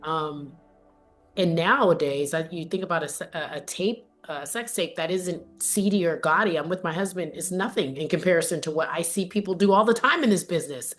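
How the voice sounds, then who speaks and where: Woman, podcast host, lowish pitch, affirming and supportive, faint music underneath. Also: brisk, a bit bright. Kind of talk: warm interview conversation.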